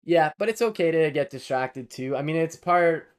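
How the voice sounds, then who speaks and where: A man's voice: fairly high pitch, lively intonation, moderate pace, clean tone. A man, live-streaming while he codes, thinking aloud and chatting with viewers in a casual way.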